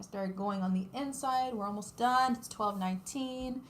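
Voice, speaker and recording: A woman embroiders on a craft livestream, talking casually with her audience, laughing a lot and describing what she's doing. She speaks unhurriedly in a medium-pitched voice with few pauses.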